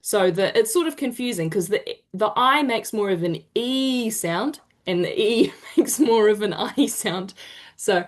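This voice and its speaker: A woman's voice: mid-range voice, animated. Kiwi woman teaching vowel sounds over a video call, upbeat and encouraging, drags out the example sounds. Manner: encouraging, drawn-out demonstration sounds. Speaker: te reo Māori workshop presenter. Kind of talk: online teaching session.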